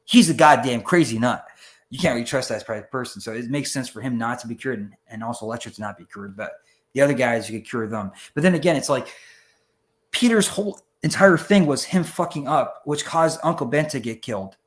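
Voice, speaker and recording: Here a man's mid-range voice moves at a fairly quick clip while he rambles as a guest in a laid-back podcast conversation. He curses freely, stays animated, and performs voices for the characters in his stories.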